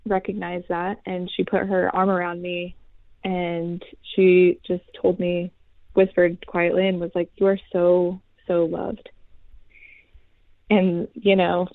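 A young woman in her twenties, a former college athlete, giving an earnest faith testimony as a guest, soft-spoken with many pauses. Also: fairly low pitch, gravelly, no echo. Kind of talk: heartfelt faith testimony in an interview. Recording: tinny phone-like line.

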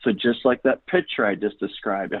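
Heard through dry phone-line audio, this ministry founder's fairly low voice keeps a normal speed. As a radio interview guest, he speaks with enthusiasm, earnestly encouraging listeners the way a preacher would.

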